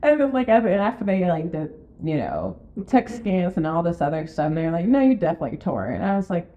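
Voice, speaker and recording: A woman co-hosting a podcast in casual chat, telling stories full of fillers and acting out her own quotes in a high voice. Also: big pitch swings, brisk, mellow. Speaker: podcast co-host, real estate marketing and sales director. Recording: dull lo-fi podcast recording.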